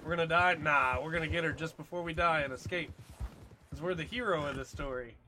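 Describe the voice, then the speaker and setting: A man's voice: fairly high pitch, fairly quick, sharp tone, slight background noise. A man giving casual commentary while playing a video game, talking to his horse and getting frustrated at the game. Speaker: gamer.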